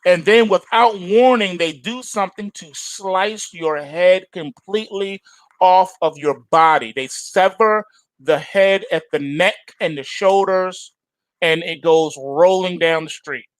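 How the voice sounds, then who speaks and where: A man's voice: high-pitched, a little slow, no echo. A male trading show host giving emphatic, slangy market commentary to his viewers, insistent and repetitive. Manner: animated and insistent, repeats phrases for emphasis; slangy, addresses viewers as folks.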